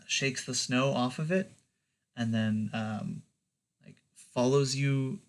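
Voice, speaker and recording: Brief: male game master, casual, halting with many fillers, mid-pitched voice. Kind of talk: narrating a tabletop game.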